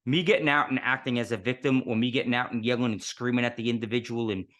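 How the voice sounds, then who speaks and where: A man talks as an interview guest, his pitch in the middle of the range. He tells his stories in earnest and works through them with rhetorical questions. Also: fairly even intonation, quick pace, a bit bright. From New York City. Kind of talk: casual interview talk.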